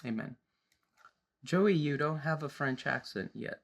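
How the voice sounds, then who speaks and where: Gravelly-voiced church host, joking. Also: male voice, fairly high pitch, normal speed, highs cut off. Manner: warm, joking, restarts phrases. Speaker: Sabbath School host. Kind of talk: church program talk and prayer.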